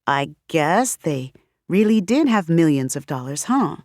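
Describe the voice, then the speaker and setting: A woman's voice: low voice, big pitch swings, a little slow, a little mellow, dry recording, exaggerated voice. Female narrator plays a blunt, dry-witted woman in an audiobook. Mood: wry.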